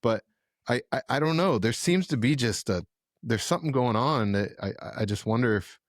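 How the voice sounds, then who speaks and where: A man hosting a podcast, asking halting, stammering questions. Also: mid-range voice, animated, dry recording, studio quality. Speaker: podcast host. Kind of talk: casual interview chat.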